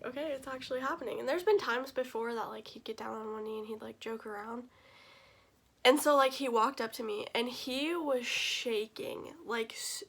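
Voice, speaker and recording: A woman's voice: high voice, a bit bright. A young woman vlogger telling a personal story to camera in a casual, gushing way, tearful and full of fillers. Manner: gushing, emotional, many fillers.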